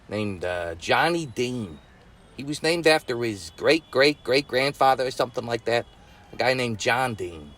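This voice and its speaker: A man with a Brooklyn accent telling a story to his nephew, folksy, with rough grammar and chuckling asides. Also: mid-range voice, a bit bright. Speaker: storyteller uncle. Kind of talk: bedtime-style storytelling.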